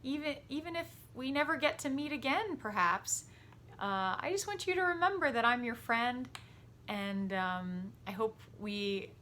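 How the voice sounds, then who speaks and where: A woman music teacher giving a warm, patient lesson to children from her home over a computer microphone, chatty and quick to laugh. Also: fairly high pitch, very animated, a little hiss or hum. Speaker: elementary school music teacher. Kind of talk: gentle, encouraging virtual lesson for children.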